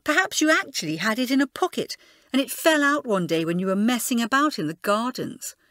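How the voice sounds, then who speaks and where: A woman's voice: sits high, wildly swooping pitch, measured pace, vocal fry, no echo, clean studio sound, voice pushed up, full character voice. A woman voicing a scheming schoolgirl with a smug, insinuating manner. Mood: sly.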